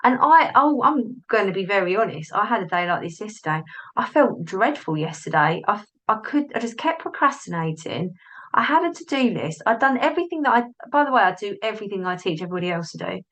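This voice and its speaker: Very animated and fairly quick, a business coach and podcast host talks alone on her show in a medium-pitched, fairly bright voice, breaking into her own sentences and voicing inner thoughts. The sound is low quality, captured by the device's built-in microphone instead of the plugged-in one.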